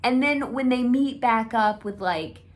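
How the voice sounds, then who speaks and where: Gushing young woman ranting slowly. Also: on the high side. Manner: gushing, excitable, swears freely. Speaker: video creator. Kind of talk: casual fan rant.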